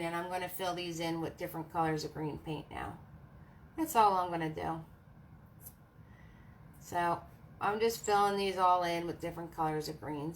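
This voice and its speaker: A woman hosting a live painting class, chatting warmly with viewers, laughing often and talking through each brushstroke. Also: lowish voice, slight background noise. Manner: friendly, laughs often, narrates each step. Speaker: paint party host and art instructor.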